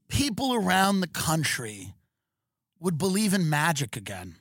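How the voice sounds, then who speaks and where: A man hosting a podcast, animated and excitable, riffing through a comic rant with many restarts. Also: a little high, a little slow, dry recording, clean studio sound. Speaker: comedian podcast host.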